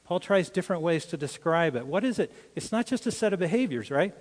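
A man's voice: fairly high pitch, animated, brisk. Older man preaching in a reverberant hall. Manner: earnest, personal storytelling with frequent restarts. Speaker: pastor. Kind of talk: sermon.

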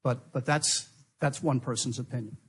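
A man giving a talk, explaining in a measured, emphatic way and repeating key phrases for weight. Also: medium pitch, steady tone, breathy edge. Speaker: speaker at a talk. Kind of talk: lecture-style explanation.

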